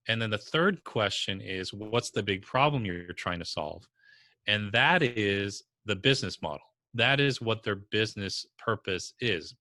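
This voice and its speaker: New york-area guy, business coach, low voice, blunt and punchy, talks with strong language. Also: bright, forceful tone, no echo. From New Jersey or New York. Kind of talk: podcast interview answers.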